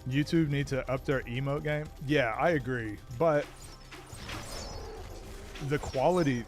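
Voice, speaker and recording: A man's voice: medium pitch, a little slow, faint music behind. American dude rambling to his chat mid game, easygoing mid voice. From United States. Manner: chatty, answering chat while playing. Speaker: streamer. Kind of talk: casual live-stream chat.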